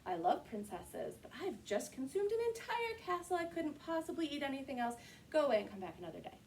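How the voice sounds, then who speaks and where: Give me a big, proud storybook dragon, put on by a woman reading aloud to kids, booming and lively. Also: fairly quick, slight background noise. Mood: boastful. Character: boastful busy male dragon, big and loud.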